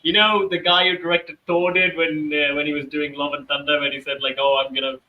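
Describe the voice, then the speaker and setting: A man's voice: fairly high pitch, little pitch movement, fairly quick, narrow, tinny audio, a little hiss or hum. A man co-hosting a casual podcast chat, rambling with lots of fillers and restarts. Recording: roomy and distant from the mic.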